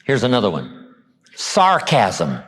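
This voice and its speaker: A man giving a motivational seminar lecture. He tells stories, acts out quoted lines, and slows down and drops low for emphasis. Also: wildly swooping pitch, a bit bright, husky. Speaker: motivational speaker.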